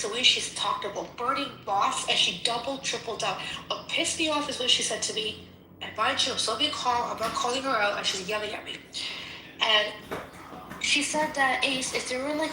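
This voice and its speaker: A woman's voice: on the high side, noisy background. Heated, foul-mouthed woman in echoey room. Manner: heated, profane storytelling. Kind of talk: casual chat.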